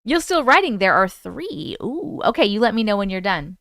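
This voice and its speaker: A woman's voice: medium pitch, very animated, moderate pace, a bit bright, no echo, clean studio sound. A woman with a New York accent hosting a live stream, greeting chatters by name in a chatty, playful way. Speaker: livestream host. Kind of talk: casual live-stream chat.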